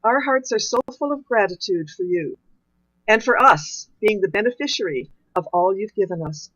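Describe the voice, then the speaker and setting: A woman's voice: medium pitch, lively intonation, a bit bright, no room sound, muffled recording. Earnest woman giving church thanks. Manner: earnest, slowing down on emphatic phrases. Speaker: community member giving thanks and leading an affirmation. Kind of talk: heartfelt formal thanks in a church service.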